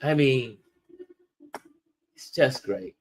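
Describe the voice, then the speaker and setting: A middle-aged man hosting a casual livestream, musing warmly to viewers as he shows photos. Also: medium pitch, expressive, a little hiss or hum. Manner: slow, musing, talks to viewers while showing photos. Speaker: livestream host.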